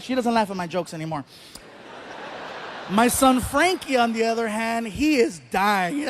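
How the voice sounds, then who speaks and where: A man doing stand-up, telling a story with animated delivery, acting out voices and shouting the punchlines. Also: very high-pitched, normal speed, a little hiss or hum. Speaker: stand-up comedian.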